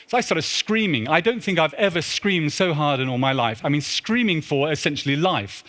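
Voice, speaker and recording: A man's voice: fairly high pitch, animated, a little fast, fairly bright tone. A man on stage telling a self-mocking travel anecdote to an audience, full of "sort of" fillers and comic asides. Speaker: speaker at a symposium. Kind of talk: storytelling talk to an audience. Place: large church hall.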